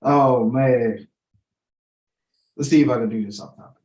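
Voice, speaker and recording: A man's voice: medium pitch, a little slow, long pauses, a little mellow. Male podcast co-host, storytelling, casual chat, roomy echo. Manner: storytelling, acts out quoted voices.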